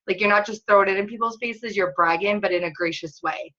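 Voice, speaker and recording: A woman's voice: mid-range voice, quick pace, bright, forceful tone, dull audio. A woman fitness coach leading a casual online training webinar, chatty and upbeat with lots of filler words.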